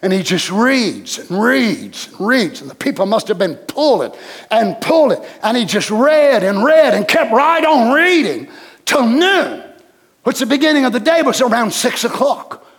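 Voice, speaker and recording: A man preaches, and his voice sits unusually high. He pastors a church and drives his sermon home by repeating phrases, then breaking into shouts. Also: big pitch swings, unhurried. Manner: preaching with emphatic repetition and bursts of shouting.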